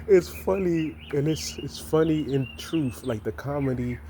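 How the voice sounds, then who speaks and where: A man's voice: fairly high pitch, normal speed, few pauses, mellow, slight background noise. A man giving an impassioned, profane monologue, repeating himself and stumbling over restarts. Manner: heated, repetitive, stammers and restarts. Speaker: vlogger.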